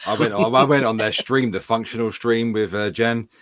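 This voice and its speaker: A man's voice: fairly low pitch, fairly even intonation, normal speed, a bit bright, no echo. A man in a casual podcast chat, teasing and restarting his sentences.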